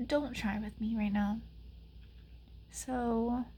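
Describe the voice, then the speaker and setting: A young adult woman vlogging, telling a frustrating story in a sarcastic, exasperated way with many "like" fillers and sometimes dropping to a soft whisper. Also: a little high, fairly even intonation, slow, slight background noise. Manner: drops to soft whispers at times. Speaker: ASMR channel vlogger. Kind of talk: casual storytelling rant.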